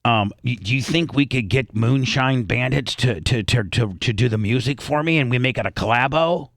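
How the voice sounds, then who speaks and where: Male radio host, mid pitch, halting self-mocking banter, dry studio mic. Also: vocal fry, a bit bright, no room sound. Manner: halting, repeats words, self-deprecating.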